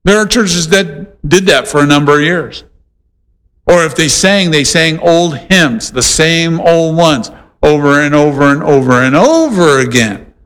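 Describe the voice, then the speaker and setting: Animated preacher man in a reverberant hall. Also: fairly high pitch, a little slow. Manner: animated preaching with playful voiced asides. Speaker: pastor. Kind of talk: sermon.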